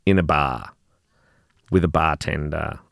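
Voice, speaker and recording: A man's voice: extremely low pitch, measured pace, gravelly, fairly bright tone, no room sound, clean studio sound. A middle-aged Australian man, a company co-founder, telling stories in a casual interview chat, repeating words and swearing now and then. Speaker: gin company co-founder, guest.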